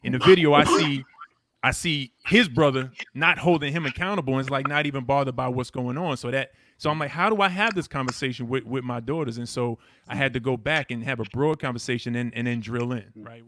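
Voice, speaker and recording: A man with an ordinary middle-pitched voice talks in a casual podcast discussion. He is reflective and speaks in short, measured phrases. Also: steady tone, a bit bright. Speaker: podcast co-host.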